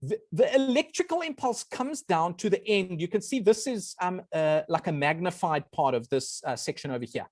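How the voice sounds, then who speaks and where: Animated, earnest male guest speaker. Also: high voice, normal speed, hardly any pauses, no echo, studio quality. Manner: earnest, animated, often apologizes. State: briefly emotional. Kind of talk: presenting a talk on a video call.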